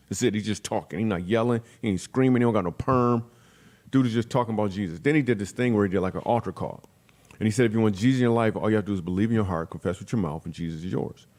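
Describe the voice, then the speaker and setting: Middle-aged male comedian, fast-paced storyteller, lowish voice, acts out quoted voices. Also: darkish tone. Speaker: guest comedian. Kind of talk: storytelling in a podcast interview.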